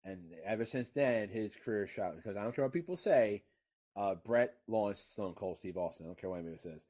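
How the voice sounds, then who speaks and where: A man co-hosting a casual wrestling chat, swearing freely, whose voice climbs high and loud when he gets worked up. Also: animated, a little fast. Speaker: podcast co-host.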